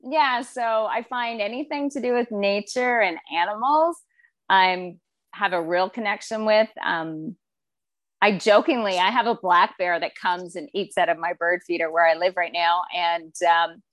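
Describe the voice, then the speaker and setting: Woman guest on a podcast, chatty and animated, dry close sound. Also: mid-range voice, a little slow, no echo. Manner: animated storyteller, acts out quoted voices. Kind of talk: casual conversation.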